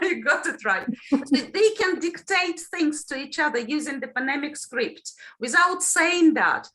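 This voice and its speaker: A woman's voice: high voice, animated, measured pace, bright, forceful tone. A woman teaching an online phonology lesson over a video call. She explains patiently and keeps checking in with her students. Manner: explains patiently, often checks in with "yeah?" and "right?". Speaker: teacher trainer.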